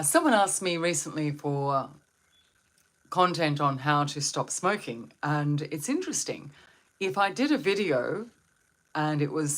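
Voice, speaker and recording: A woman hosting a live stream on wellbeing, talking to viewers in a soothing, reflective way and asking them questions. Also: low voice. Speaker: meditation and wellbeing host.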